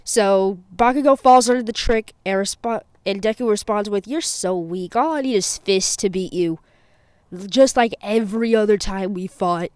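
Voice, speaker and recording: A chatty woman recounts a fan-made story in casual, rambling fashion, stopping now and then to correct herself. Her voice is of middling pitch and recorded dry and close, with no room echo. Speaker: channel host and storyteller.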